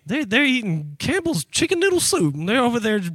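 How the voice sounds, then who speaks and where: A man's voice: very high voice, wildly swooping pitch, brisk, a bit bright, husky, dry recording. A man preaching a sermon as pastor, impassioned and emphatic, speaking straight to his congregation. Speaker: pastor and youth worker.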